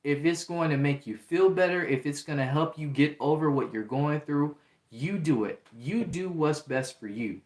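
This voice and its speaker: A man's voice: a little high, normal speed, a little mellow. A young man hosting a livestream, talking in an earnest, repetitive way and reading out chat comments. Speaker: livestream host. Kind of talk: casual livestream talk. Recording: roomy echo.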